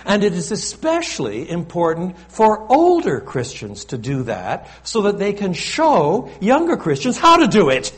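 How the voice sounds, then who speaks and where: A man preaching a sermon in a lively, conversational style, often turning to the congregation with little asides. His voice sits slightly high and rises and falls a great deal. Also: unhurried, hardly any pauses. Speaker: pastor.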